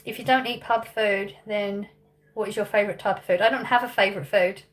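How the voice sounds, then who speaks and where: Her mid-range voice is steady and fairly quick. She's an English woman in her thirties doing a casual live chat, where she reads viewers' questions aloud, muses out loud, and laughs frequently.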